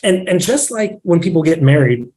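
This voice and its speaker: A man's voice: on the high side, normal speed, rough recording. A man talking candidly as a podcast guest, acting out little bits of dialogue as he makes his points. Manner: candid, animated, acts out quoted dialogue. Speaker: podcast guest, real estate marketing director. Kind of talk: casual podcast conversation.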